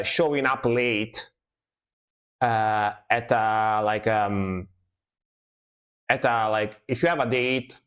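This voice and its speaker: A man from Italy with an Italian accent, a music reaction streamer chatting casually on a livestream, explaining at length with many fillers. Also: mid-range voice.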